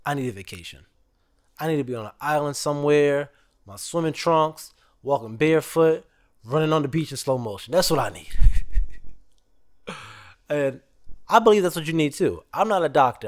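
A man in his thirties hosting a podcast, telling stories in a casual, joking, slangy way. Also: fairly high pitch. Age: 30s. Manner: animated storytelling, slangy and joking. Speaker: podcast host. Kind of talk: casual chat.

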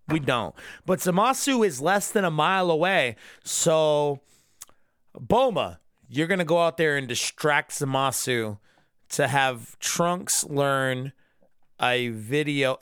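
A man's voice: a little high, a bit bright, no echo, studio quality. Drunk man ranting, swearing. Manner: angry, profane ranting. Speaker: anime reviewer. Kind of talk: solo episode review rant.

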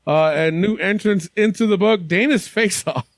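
A man's voice: sits high, moderate pace, dry recording. A man hosting a wrestling podcast in casual, profane banter, laughing often. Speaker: podcast host. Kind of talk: casual chat.

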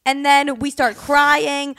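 A young woman co-hosting a podcast with her mother, telling stories in an animated way and acting out what people said. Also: high voice, slow, dry recording, studio quality. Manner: animated storytelling, acts out quotes loudly. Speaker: podcast co-host. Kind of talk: casual chat. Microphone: studio microphone.

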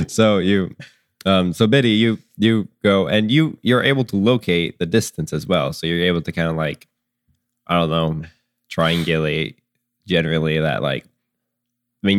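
Deep-voiced man running a tabletop game. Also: no echo, clean studio sound. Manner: loose and halting, full of ums and likes. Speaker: game master.

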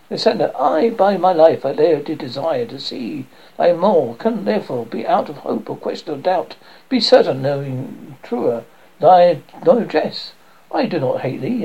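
Gravelly, husky male play reader, lo-fi recording. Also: on the high side. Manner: calls out each character's name before the line. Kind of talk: reading a play aloud.

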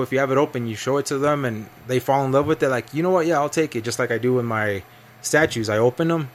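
Brief: man, podcast host, earnest explainer, mid-pitched everyday voice. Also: quick pace, fairly bright tone. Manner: earnest, explains at length, acts out customers. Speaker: podcast host, collectibles seller. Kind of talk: casual chat.

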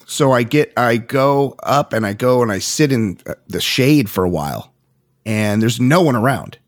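A middle-aged man co-hosting a podcast, telling stories in a lively, animated way and acting out the quotes. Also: medium pitch, moderate pace. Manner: animated storyteller, acts out quotes. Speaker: podcast co-host. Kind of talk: casual chat.

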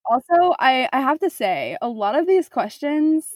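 A young woman hosting a podcast in casual chat, animated and teasing, often laughing as she tells stories. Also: high voice, moderate pace, dry recording, studio quality. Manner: animated, giggly, teasing storyteller. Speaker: podcast host.

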